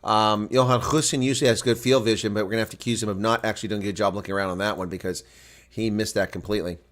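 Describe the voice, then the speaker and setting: A man giving live play-by-play rugby commentary from a home setup, getting louder and higher on big plays. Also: rapid-fire. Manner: excitable, bursts loud and high on big plays.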